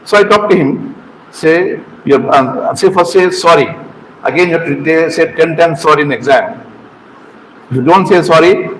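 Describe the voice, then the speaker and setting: A middle-aged man, a medical exam trainer, giving an informal lecture to students, talking in halting phrases, repeating words and asking the room questions. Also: a little high, a little hiss or hum, poor audio.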